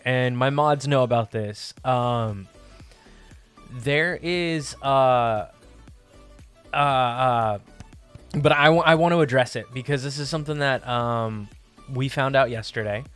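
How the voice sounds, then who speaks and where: A man's voice: mid-range voice, animated, fairly bright tone, clear, resonant tone, faint music behind. Bubbly, laughing man chatting to his stream. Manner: bubbly, laughs often, halting restarts. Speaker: livestream host. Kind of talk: casual chat with live chat viewers. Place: basement apartment.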